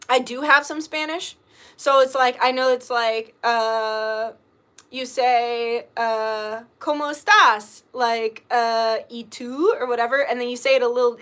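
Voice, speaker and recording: Bright chatty woman doing a tarot livestream, rambles a lot, says like constantly. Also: high-pitched. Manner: chatty, lots of filler words and swearing. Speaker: tarot reader. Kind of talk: casual livestream chat.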